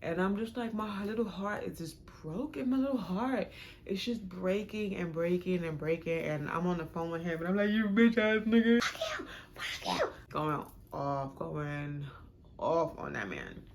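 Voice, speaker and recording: Young woman vlogger, low-pitched, animated storytime delivery with dramatic swings, faint background noise. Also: moderate pace, vocal fry. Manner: animated, dramatic retelling with sudden pitch jumps. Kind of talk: casual storytime vlog.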